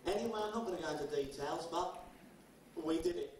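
A man doing cheeky live stand-up comedy with quick one-liners and an English accent. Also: on the high side. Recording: distant mic, echoey, loud crowd noise.

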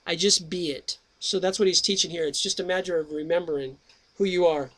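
Rambling high-voiced man hosting a show. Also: fairly even intonation, brisk. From United States. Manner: jokey, rambling, with sudden jumps in loudness. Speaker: radio show host. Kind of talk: casual rambling monologue and book reading.

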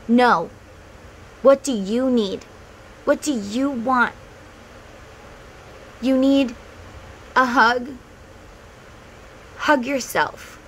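A middle-aged woman with a slightly high voice, talking straight to her viewers in an earnest, heartfelt way. Her advice comes in a casual vlog style, with a faint hiss of background noise behind her. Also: very slow, long pauses, fairly bright tone, rough recording. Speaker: tarot and spiritual vlogger.

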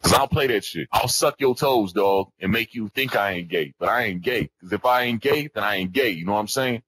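A man trolling strangers in a game's voice chat, speaking with a husky, slightly rough edge and sitting a little low in pitch. He keeps up a brash, boastful tough-guy act, heavy on street slang, with a headset mic close to his mouth. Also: fairly quick, fairly bright tone, no room sound, poor audio. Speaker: prank caller trolling strangers in game voice chat. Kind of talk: in-character trolling in online game voice chat.

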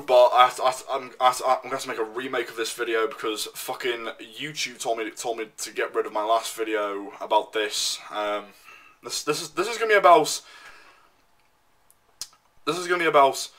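Ranting young man, bright voice. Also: medium pitch. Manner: swears constantly, repeats himself, loud and worked up. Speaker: vlogger. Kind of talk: profane ranting monologue.

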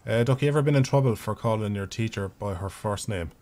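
A man's voice: on the low side, fast talker, darkish tone. A man in his thirties with an Irish accent, chatting casually and swearing freely while streaming a video game. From Ireland. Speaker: gaming streamer. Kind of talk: casual live gameplay commentary.

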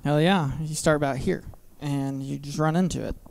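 On a comedy theater stage, a man in his thirties tells filthy family stories in a flat, deadpan way, full of self-mocking asides. His smooth, clear voice sits a little high for a man, comes through a handheld mic, and moves at a normal speed.

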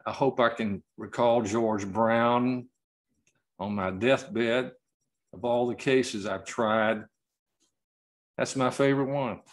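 Slow-speaking man telling a courtroom story. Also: medium pitch, steady tone. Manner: slow storytelling, halting, choked up at times. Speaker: award recipient. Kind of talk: emotional acceptance speech. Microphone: video call.

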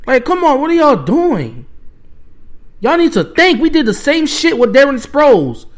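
A man's voice: very high-pitched, very animated, moderate pace. A young man, hosting a podcast and ranting with heated exasperation as a sports fan. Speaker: podcast host. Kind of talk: fan rant.

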